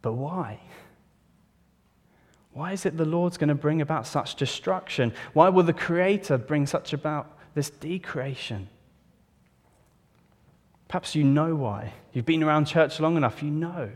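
A man's voice: a little high, measured pace, pauses often, darkish tone. Solemn male preacher in a reverberant hall. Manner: solemn scripture reading, then earnest questioning. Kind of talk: sermon. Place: church. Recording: long reverb of a church hall.

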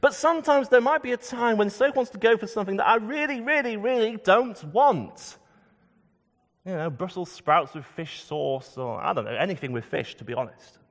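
Male preacher, thirties, higher voice with animated pitch, reverberant church hall. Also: normal speed. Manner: emphatic, dropping low and soft on key words. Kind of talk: sermon. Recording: long reverb of a large hall.

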